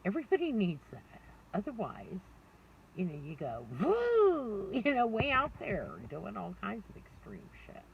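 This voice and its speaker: Through a distant, dull lo-fi mic with faint background noise, a middle-aged woman vlogger delivers a candid personal monologue, rambling, laughing frequently and teasing herself. Her medium-pitched voice has vocal fry, huge pitch swings and an unhurried pace.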